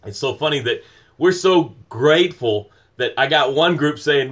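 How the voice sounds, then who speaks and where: A man's voice: mid-range voice, a little fast, fairly bright tone. Emphatic motivational male livestream host. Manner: emphatic, rhythmic, repetitive preaching cadence; greets viewers by name mid-flow.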